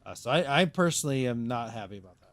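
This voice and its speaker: A man's voice: mid-range voice, expressive, fast talker, dry recording. A man streaming a game live, rambling through casual commentary to himself and his chat.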